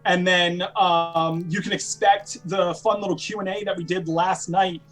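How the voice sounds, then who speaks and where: A man's voice: high-pitched, fairly even intonation, moderate pace, fairly bright tone, soft background music, poor audio. A man playing in a live tabletop game, chatty as he plugs podcast episodes. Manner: chatty, promotional. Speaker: player and podcast co-host. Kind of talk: casual live-stream chat.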